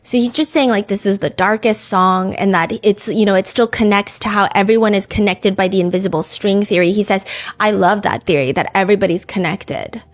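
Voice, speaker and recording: Woman host, conversational true-crime storyteller, filler-heavy, mid-pitched. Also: a little fast. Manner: chatty, frequent "like" and "you know" fillers. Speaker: podcast host.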